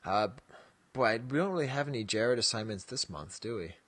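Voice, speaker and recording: A man's voice: on the low side, animated, fairly quick, fairly bright tone, breathy edge, no room sound. Rambling, jokey male podcast co-host. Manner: rambling and jokey, laughs often, trails off with "so". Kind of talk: casual chat.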